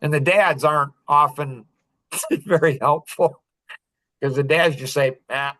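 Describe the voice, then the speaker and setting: Speaking a bit slowly in a slightly high, pushed, bright voice, a middle-aged podcast host recounts something personal. The talk is casual and confessional, earnest in tone and broken by small laughs between phrases.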